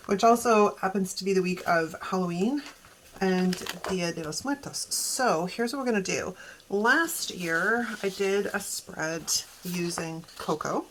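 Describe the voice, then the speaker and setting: A woman's voice: medium pitch, slow, slight background noise. A young adult woman chatting casually as she plans, giggling and thinking aloud in a playful put-on accent. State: sore back. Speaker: planner vlogger. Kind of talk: casual plan-with-me chat.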